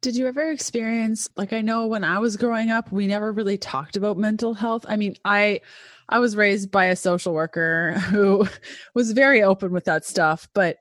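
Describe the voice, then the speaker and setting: A woman host asks her guest questions in a relaxed, curious, conversational way. Her voice sits at an ordinary middle pitch and sounds dry and close, with no room around it. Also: moderate pace, dry recording. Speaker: podcast host.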